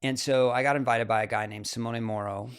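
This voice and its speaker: A man in his forties, a mountain climber and photographer, telling stories as an interview guest. His delivery is animated, with laughter and quick asides. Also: mid-range voice, clean tone, no echo, studio quality. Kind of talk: casual interview storytelling.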